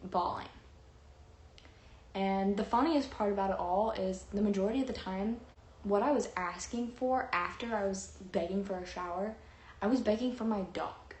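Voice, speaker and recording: A woman's voice: mid-range voice, normal speed, darkish tone. A young woman telling a long personal story in a chatty, rambling way, with lots of fillers and acted-out quotes. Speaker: vlogger. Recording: roomy echo, faint noise.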